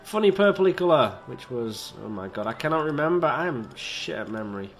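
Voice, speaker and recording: A man's voice: mid-range voice, lively intonation, a little fast, a bit bright. A man giving casual, rambling, self-mocking commentary as he plays a park-building video game and talks to its little characters. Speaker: video game let's-player.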